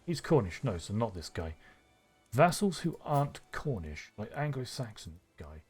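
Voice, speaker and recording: A man streaming a strategy game live, thinking aloud with excitable bursts. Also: mid-range voice, normal speed, breathy edge, faint music behind.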